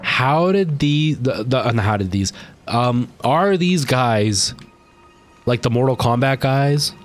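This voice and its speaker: A Canadian man livestreaming a game chats casually with his viewers in an expressive, mid-range voice, taking it slowly over faint background music. He sounds tired and rambles chattily, talking to chat as he plays.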